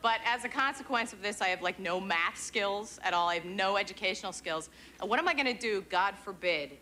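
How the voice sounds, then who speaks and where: A woman in her twenties performing a stand-up set, with sardonic, self-deprecating asides and playful jabs. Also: lowish voice. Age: 20s. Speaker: stand-up comedian. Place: comedy club stage with live audience. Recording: TV broadcast with crowd laughter and noise. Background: audience laughing.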